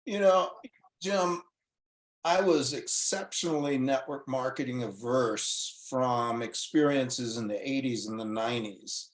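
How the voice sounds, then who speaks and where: A man, a guest doctor, telling his story in casual talk, earnest and animated, acting out the dialogue as he goes. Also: mid-range voice, a little slow, echoey room. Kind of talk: casual storytelling on a call-in show.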